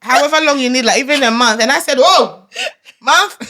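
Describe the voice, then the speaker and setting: A woman's voice: sits high, fast talker. A young woman, a gospel singer, telling a personal story in casual chat, laughing often and acting out the lines of others. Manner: animated storyteller, laughs often, acts out quotes. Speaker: guest, gospel recording artist.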